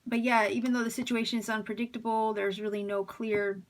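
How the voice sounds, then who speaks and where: A woman's voice: fairly high pitch, level tone, fairly quick. Woman tarot reader with a slight lisp. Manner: musing, hesitant, many fillers and restarts. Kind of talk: pick-a-card tarot reading.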